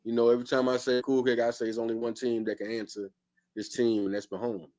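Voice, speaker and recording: A man's voice: medium pitch, little pitch movement, fast talker, a little mellow. A man hosting a sports podcast, arguing emphatically and repeating his points in casual speech. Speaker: podcast host.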